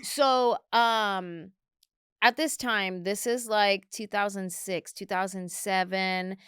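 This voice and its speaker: Woman guest comedian, animated storyteller, smooth clear voice, dry close sound. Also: mid-range voice, slow, no room sound. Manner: animated, acts out other people's lines. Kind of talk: storytelling in a podcast interview. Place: podcast studio.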